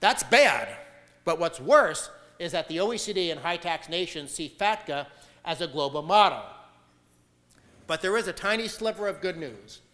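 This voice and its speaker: An American man lecturing at a conference with a slightly high, bright and forceful voice. He argues emphatically and leans on filler sounds between points. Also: expressive, moderate pace, big-room sound. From United States. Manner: emphatic, argumentative, frequent "uh" fillers. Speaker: conference speaker. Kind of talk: conference talk.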